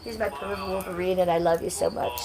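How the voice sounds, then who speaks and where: A woman's voice: lowish voice, steady tone, a little fast, a crowd in the background. A woman hosting a casual livestream, reading chat comments aloud in a brash, crude and playful way. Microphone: phone.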